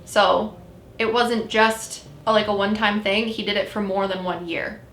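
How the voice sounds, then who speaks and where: Woman podcast co-host, rambling storyteller, bright tone, roomy echo. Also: mid-range voice, steady tone, moderate pace, a little hiss or hum. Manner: chatty, rambling, retells conversations with spirits. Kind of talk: casual chat.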